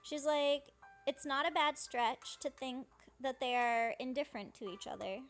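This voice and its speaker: A woman's voice: sits high, fairly even intonation, normal speed, a bit bright, soft background music. A woman casually narrating a game playthrough, paraphrasing characters' lines in a chatty way. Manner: chatty, paraphrases dialogue with "she's like". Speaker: fan dubber playing through a game.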